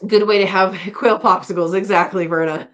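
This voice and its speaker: A woman's voice: medium pitch, fairly even intonation, moderate pace. A middle-aged woman hosting a casual live-stream chat, rambling and laughing often as she reads out comments. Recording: dull lo-fi stream audio.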